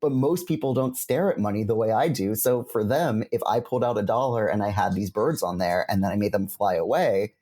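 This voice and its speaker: Young male magician guest, husky low voice, rambling casual talk. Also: a little fast, few pauses. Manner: chatty, lots of filler words, animated quoting of spectators. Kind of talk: casual conversation.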